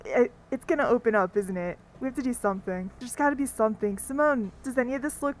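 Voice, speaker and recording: A woman's voice: on the high side, fast, slight background noise, poor audio. Anxious woman playing a tabletop game. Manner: anxious, excitable in character. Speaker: player.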